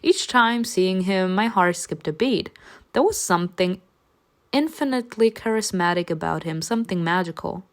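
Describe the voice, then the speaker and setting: A woman reading a story game aloud and talking back to it, animated and dryly sarcastic in her asides. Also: medium pitch, moderate pace.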